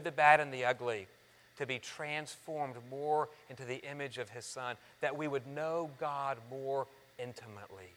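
A man preaching a sermon, earnest, calling his listeners friends and shifting from loud emphasis to soft, hushed lines. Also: mid-range voice. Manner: addresses the congregation as friends. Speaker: pastor. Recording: long reverb of a large hall.

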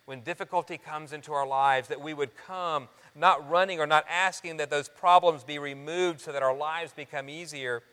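A pastor delivering a sermon in a fairly high, bright voice. He pleads earnestly with his congregation as friends, rising to loud emphasis and dropping almost to a hush. A long reverb from the large sanctuary trails every phrase. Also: fairly even intonation, normal speed, hardly any pauses, clean tone. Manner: earnest, swinging between loud emphasis and soft near-hushed lines.

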